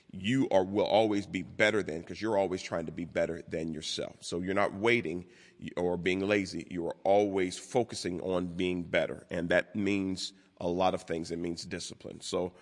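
A man preaching a sermon as pastor, deliberate and repeating key words for emphasis. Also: deep voice. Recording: long hall reverb.

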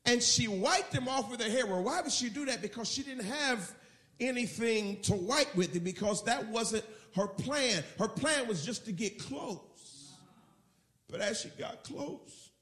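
A man's voice: very high-pitched, measured pace, roomy sound. A man preaching a sermon as pastor, acting out the scene as he tells it. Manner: animated, acts out the scene in storytelling.

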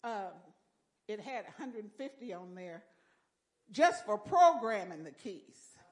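An older woman giving a folksy church testimony with lively storytelling and exclamations of praise. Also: medium pitch, slow.

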